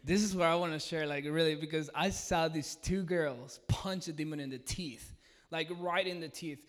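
A man telling an excited testimony, acting out what he and others said, and his voice sits fairly high for a man. His voice rings with the long reverb of a large hall. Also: normal speed. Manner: excited, retells with quoted dialogue. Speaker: mission team leader. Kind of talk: animated testimony.

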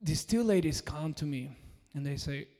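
A man from Peru telling the church an animated testimony, getting loud and excited. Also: a little high, moderate pace. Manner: excitable, swings into loud exclaiming. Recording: reverberant church hall.

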